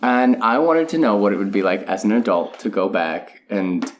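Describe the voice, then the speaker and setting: A young man with a somewhat low voice co-hosts a casual podcast. He is earnest and enthusiastic. He often pauses with "um" and "you know" as he works through his thoughts. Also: sing-song. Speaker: podcast co-host.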